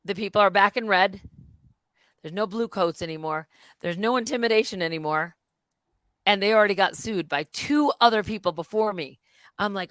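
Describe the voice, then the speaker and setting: A woman's voice: mid-range voice, animated, fairly quick, fairly bright tone, no room sound. A middle-aged woman on a casual live stream, telling a story with lots of energy, swearing freely and acting out what people said. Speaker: host.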